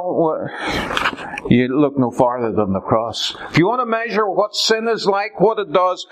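A man preaching a sermon, swinging from loud cries to hushed whispers. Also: high-pitched.

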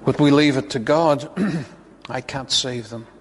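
A man's voice: mid-range voice, steady tone, a little slow, big-room sound, a little hiss or hum. A male preacher giving a sermon to a congregation, chatty, with joking asides and chuckles. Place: church hall before a congregation.

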